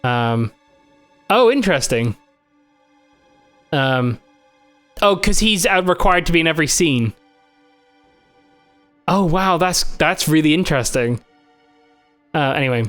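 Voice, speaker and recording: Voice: medium pitch, lively intonation, a little slow, long pauses, a bit bright, soft background music. A streamer chatting casually about a game while playing, rambling and laughing. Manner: rambling, laughing, full of fillers. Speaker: streamer and co-host. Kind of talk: casual commentary over a game.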